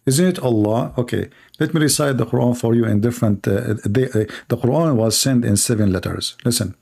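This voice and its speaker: A man's voice: mid-range voice, brisk, gravelly, few pauses, dark tone, breathy edge. A man from the Middle East whose first language is Arabic, speaking English with an Arabic accent. He hosts a call-in debate show and talks in a mocking, sarcastic, teasing way. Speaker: host, Christian apologist. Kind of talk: debate show talk with callers.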